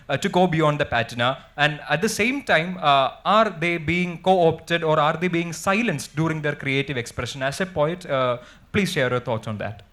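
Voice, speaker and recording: A man with an Indian English accent moderating a festival panel discussion on stage, formal and hesitant, pausing often as he builds his question. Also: on the high side, a bit bright. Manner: hesitant, many uh fillers, formal.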